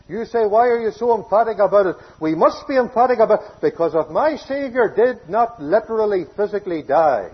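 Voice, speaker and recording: Emphatic preacher with a husky voice. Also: male voice, a little high. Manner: emphatic preaching, swings between loud declarations and hushed phrases. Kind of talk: sermon. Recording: dull lo-fi sermon recording.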